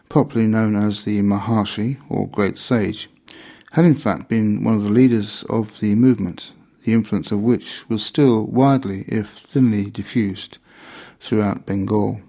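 Low, gravelly man narrating a memoir. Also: fairly even intonation, dark tone. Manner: measured, deliberate reading.

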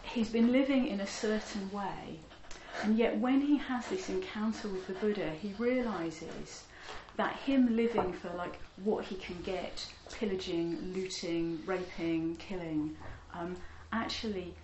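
A woman tells a teaching story with lively energy, stopping for ums and small laughs as she warms up. Her voice carries through a roomy hall, and a faint background hum sits underneath. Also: medium pitch, measured pace. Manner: animated, laughing, many fillers, acts out voices. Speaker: Buddhist teacher. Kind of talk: storytelling dharma talk.

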